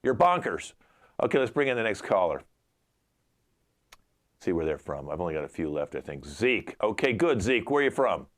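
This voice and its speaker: An exasperated man playing a call-in tax show host who shoos callers off with deadpan put-downs. His voice sits on the low side, and he performs over a video call in an improv comedy show. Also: brisk, pauses often.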